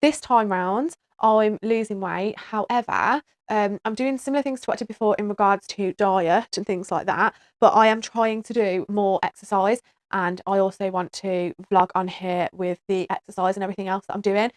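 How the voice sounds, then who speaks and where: Woman, thirties, casual vlog chat, chatty and self-mocking, mid-pitched voice. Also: moderate pace, dry recording. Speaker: vlogger, mother of four.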